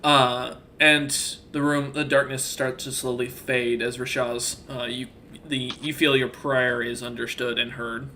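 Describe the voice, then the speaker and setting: A man's voice: mid-range voice, flat delivery, a little slow, bright, forceful tone, a little hiss or hum. A man narrating a tabletop role-playing game as the game master, rambling through scenes with many restarts.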